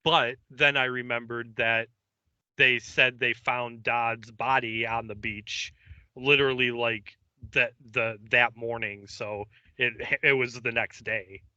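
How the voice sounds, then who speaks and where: A man talks slowly and hesitantly as a podcast co-host, with many ums and restarts. His voice is very bright and smooth. It comes through a dull, lo-fi microphone. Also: mid-range voice, flat delivery, no echo. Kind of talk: casual episode recap. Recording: dull lo-fi mic.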